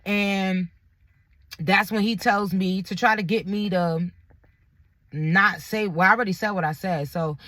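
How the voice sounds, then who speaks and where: A woman's voice: medium pitch, fairly even intonation, a little slow, a bit bright, no echo. A young woman, candidly retelling a personal story in a vlog, with lots of quoted dialogue and blunt language.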